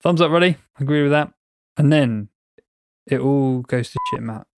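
A man's voice: medium pitch, normal speed, darkish tone, a little hiss or hum. Wry man bantering. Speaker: podcast co-host. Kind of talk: casual chat.

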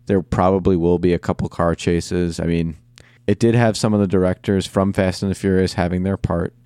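Deep voiced guy cohosting a movie podcast, laid back, dry sound. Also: flat delivery, a little fast, mellow, smooth, no echo. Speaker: podcast co-host. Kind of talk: casual podcast movie chat.

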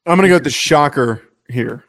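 A man's voice: on the high side, brisk, a bit bright. A man co-hosting a casual sports podcast, blunt and emphatic, laughing easily while he argues his picks. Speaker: podcast co-host.

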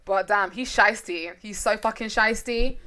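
A young woman talks through a crime story with her co-host, blunt and quick to laugh. Her voice is bright and clear. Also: mid-range voice. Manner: laughs often, blunt and swearing. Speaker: podcast co-host. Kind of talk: casual true-crime chat.

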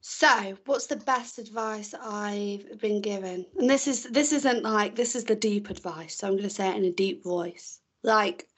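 A woman's voice: medium pitch, unhurried, hardly any pauses. A young woman co-hosting a podcast in casual, playful chat, often giggling. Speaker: podcast co-host.

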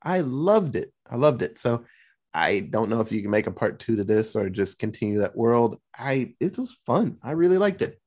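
A man hosting a casual movie-review podcast, talking in an excited, rambling way with plenty of swearing. His pitch sits in the middle for a man, neither low nor high. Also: normal speed. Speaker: podcast co-host.

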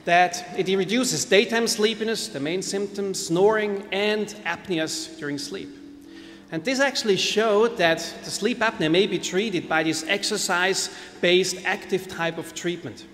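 A man explains a research study in a measured acceptance speech. His voice is high for a man. It carries long hall reverb with faint music underneath. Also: fairly bright tone. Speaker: researcher giving prize speech.

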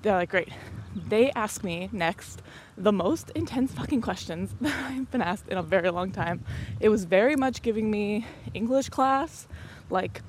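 A woman's voice: medium pitch, lively intonation. Rambling young woman, noisy recording. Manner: rambling, fast, swears casually, laughs often. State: a bit out of breath. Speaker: podcast host. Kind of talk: casual chat.

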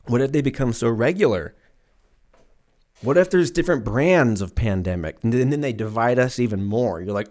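A man's voice: medium pitch, lively intonation, brisk, darkish tone. A man in his twenties rambling alone on his podcast, swearing freely and slipping into silly exaggerated voices, recorded at home. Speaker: podcast host. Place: room at home with windows open.

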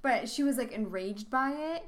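A woman's voice: on the high side, expressive, moderate pace. Chatty woman telling game stories. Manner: chatty, storytelling, quotes her own reactions. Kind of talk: casual chat.

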